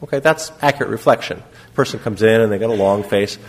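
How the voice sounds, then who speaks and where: A middle-aged man lecturing on psychotherapy in a lively, conversational way, often checking in with "okay?" and acting out short example lines. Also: on the low side, fast talker.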